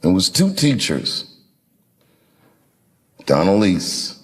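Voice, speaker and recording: Comedian in his fifties, from D.C., lowish voice, slow reflective storytelling with pauses. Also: huge pitch swings, a crowd in the background, noisy background. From Washington, D.C. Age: 50s. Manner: measured, unhurried storytelling with dramatic pauses and acted-out quotes.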